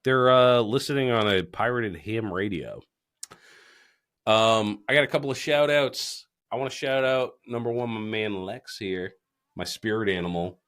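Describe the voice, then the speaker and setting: A low-voiced man hosts a casual podcast, talking loosely and swearing freely. He jokes around with his co-host and sounds a bit tipsy. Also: moderate pace, a bit bright, smooth. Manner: loose, profane, joking. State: tipsy from drinking beer. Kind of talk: casual chat. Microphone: studio mic.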